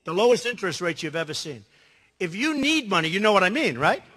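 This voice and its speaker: A man's voice: high-pitched, very animated, fast talker, sharp tone. A man giving a rambling, boastful campaign speech, full of asides to the crowd. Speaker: political candidate. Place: large hall. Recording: reverberant hall.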